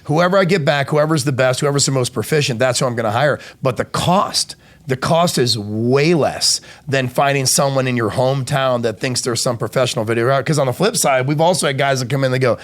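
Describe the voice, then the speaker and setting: Male podcast host, mid pitch, casual swearing storyteller, acts out quotes. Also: a little fast.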